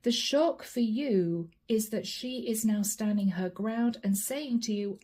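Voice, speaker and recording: A woman's voice: fairly high pitch, a little slow, hardly any pauses, dark tone. A woman doing a channeled tarot reading, chatting directly to her viewers as she reads the cards aloud. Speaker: tarot card reader.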